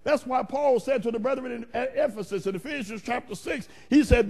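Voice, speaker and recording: High, gravelly-voiced male preacher. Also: moderate pace, few pauses, a little mellow. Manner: emphatic, rhythmic, calls out to the congregation; repetitive, building cadence. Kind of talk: sermon.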